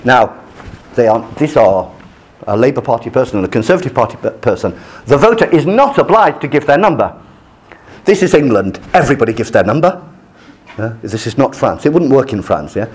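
A man giving a university lecture on politics, animated and full of restarts, slipping into short French asides. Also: medium pitch, brisk. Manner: animated, acts out quoted voices, many restarts.

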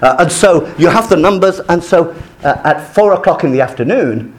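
Male lecturer, animated, bouncing intonation, stop-start phrasing. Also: a little high, normal speed. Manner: animated, acts out quoted voices, many restarts; switches to French asides. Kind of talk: university lecture on politics.

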